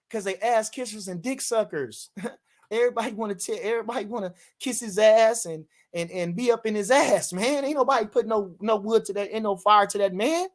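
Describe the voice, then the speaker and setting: A man's voice: high-pitched, normal speed. Brash, profane male streamer, hammering points home by repetition. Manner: animated, brash, profane, repeats himself for emphasis. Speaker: boxing commentator reading live chat. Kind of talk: casual livestream chat.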